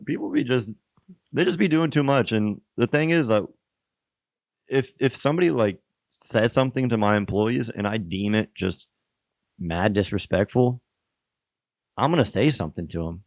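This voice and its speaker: A man guest on a casual podcast telling animated, slangy stories about restaurant work, swearing freely and calling people "bro". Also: on the low side, normal speed, pauses often, dry recording, clean studio sound.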